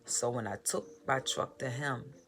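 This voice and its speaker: A woman telling her personal story in a vlog, halting and repeating phrases in a heartfelt way. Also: extremely low pitch, slight background noise. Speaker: motivational vlogger.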